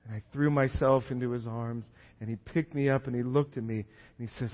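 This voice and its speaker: A pastor telling a story in his sermon, swinging from hushed near-whispers to excited shouts. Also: mid-range voice, fairly quick. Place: church sanctuary. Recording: reverberant hall, slightly dull sound.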